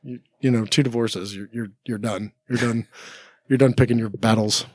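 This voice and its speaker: A man's voice: medium pitch, steady tone, moderate pace, darkish tone, no room sound. A man in his forties, a podcast guest, telling long stories in casual chat, full of 'like' and quoted back-and-forth. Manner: rambling, full of 'like', acts out quoted talk. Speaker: podcast guest, former Navy SEAL. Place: podcast studio.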